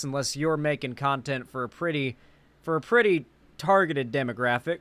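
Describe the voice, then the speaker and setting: A man with a Midwest American accent giving animated, sweary, rambling reaction commentary. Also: medium pitch, normal speed, smooth, dry recording. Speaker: commentary host.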